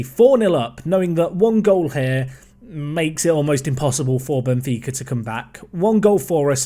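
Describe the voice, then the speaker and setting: A man casually commentating his football management game, chatty and excitable, calling the play and talking to himself. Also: fairly high pitch. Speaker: gaming YouTuber.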